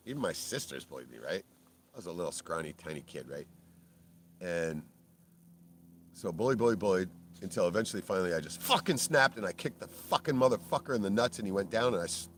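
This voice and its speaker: A middle-aged man telling a rambling personal story in a blunt, heavily profane way, ending many phrases with "right?" and flaring up loudly at times. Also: low-pitched, slight background noise. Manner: gets loud and worked up in bursts. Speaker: video creator.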